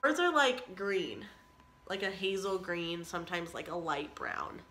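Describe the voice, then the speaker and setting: A young woman vlogger from California with a bright, sharp tone chats in a relaxed couple Q&A. She giggles often and keeps things playful and teasing. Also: lowish voice, a little slow. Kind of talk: casual couple Q&A.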